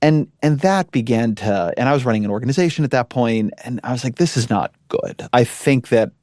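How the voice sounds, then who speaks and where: A man who once ran a media company, speaking as a guest in a thoughtful, measured way with frequent restarts. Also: mid-range voice, animated, a little mellow, no room sound, studio quality. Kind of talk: interview conversation.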